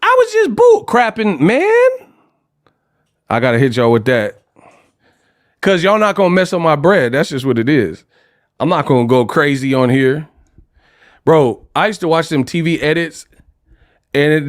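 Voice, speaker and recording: A man from California hosting a livestream, ranting casually in an animated, slangy, joking way. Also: a little high, normal speed, pauses often. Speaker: host.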